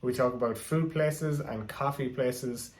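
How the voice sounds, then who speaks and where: A man's voice: medium pitch, measured pace. An Irish man hosting a podcast, introducing an episode and chatting casually with a guest. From Ireland. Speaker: podcast host.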